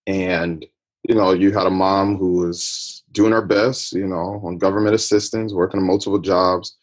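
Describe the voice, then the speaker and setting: An American man, a podcast guest, reflectively recounts his life story in a personal interview. His voice is low, his pace normal and his intonation fairly even.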